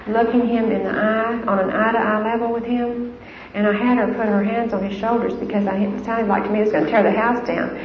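A middle-aged woman giving a conversational talk on Christian parenting to a live audience, with fillers and restarts. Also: medium pitch. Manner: conversational, warm-hearted, frequent fillers and restarts. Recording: echoey hall, dull lo-fi sound with faint noise.

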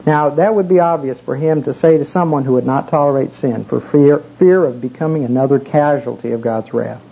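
A man's voice: medium pitch, fairly quick, creaky. Folksy preacher man, muffled recording. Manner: folksy, conversational storytelling with many fillers. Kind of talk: casual sermon with personal story. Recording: muffled with faint background hiss.

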